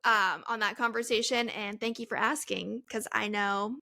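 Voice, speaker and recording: A woman's voice: mid-range voice, fairly even intonation, moderate pace, creaky, pushed and bright. A woman in her twenties hosting a solo Q&A podcast, talking in a chatty, rambling way and laughing at herself. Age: 20s. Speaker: podcast host. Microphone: headphones, studio-style mic.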